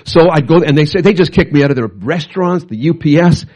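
A middle-aged male pastor preaches through a long story with a husky, slightly raised voice. He talks in animated bursts and often restarts his sentences. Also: on the high side, fast. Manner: animated, bursts into loud acted quotes, frequent restarts. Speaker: pastor and missionary. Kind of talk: storytelling sermon.

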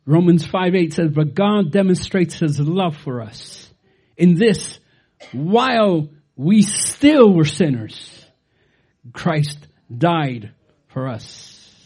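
A man preaching a Good Friday sermon, dropping to quiet asides and then rising to loud, emphatic declarations. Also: fairly high pitch, breathy edge. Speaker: pastor.

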